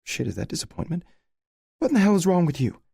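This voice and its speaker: A man voicing a furious young woman, shrill. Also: little pitch movement, a little fast, vocal fry, no room sound, clean studio sound, lightly acted. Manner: sharp, shouting, near tears. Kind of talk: audiobook character voice.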